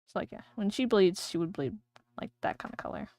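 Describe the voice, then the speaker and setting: A woman's voice: mid-range voice, animated, fairly quick, mellow. A woman streamer chatting casually and rambling while she draws on a livestream. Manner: chatty, rambling, thinking aloud.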